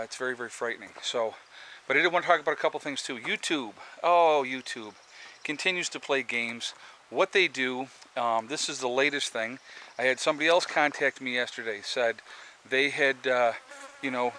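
Chatty man with a bright voice. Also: mid-range voice, slight background noise. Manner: chatty, rambling, frequent fillers. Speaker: vlogger. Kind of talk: casual vlog talk to viewers. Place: outdoors by a chicken coop.

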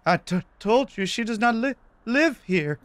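A man's voice: extremely high pitch, lively intonation, measured pace, dry recording, voice pushed up. A man voicing a frail, nervous elderly woman who stammers and pleads, reading game dialogue aloud. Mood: timid.

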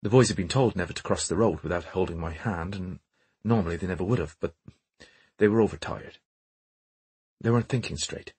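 Guy doing irish nanny lady, thirties, serious, deep rough voice. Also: brisk, a little mellow, dry recording, full character voice. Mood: recounting.

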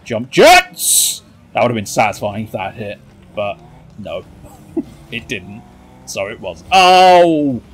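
A man with a jokey, excitable manner, commentating his own car football match and cheering on his teammates. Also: lowish voice, a little slow, long pauses, a little hiss or hum. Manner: excitable, cheering on teammates with shouts and silly jokes. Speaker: gaming commentator.

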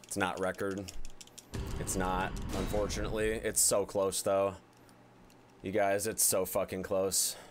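Young male streamer, slow drawl, venting at chat, swears freely, faint game music behind. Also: sits low, flat delivery. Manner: frustrated, swearing, addresses chat. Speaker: speedrunner. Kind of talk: live gameplay commentary.

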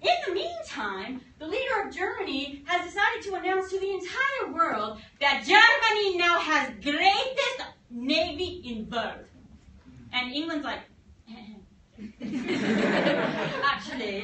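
A woman history teacher giving a fast classroom lecture, acting out countries in quick comic voices. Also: extremely high pitch, sing-song, pushed and bright, slight background noise. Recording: echoey room, mic at a distance.

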